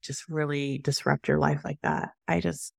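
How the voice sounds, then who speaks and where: Earnest woman guest, low and gravelly, dry close sound. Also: sing-song, moderate pace, dry recording. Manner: earnest, reflective, self-deprecating. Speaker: podcast guest, author. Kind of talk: casual conversational chat.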